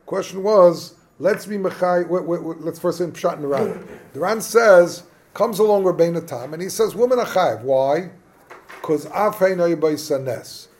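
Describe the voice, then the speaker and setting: High-voiced man teaching Talmud. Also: a little hiss or hum. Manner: animated, thinks aloud with quick restarts. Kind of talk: Talmud study class.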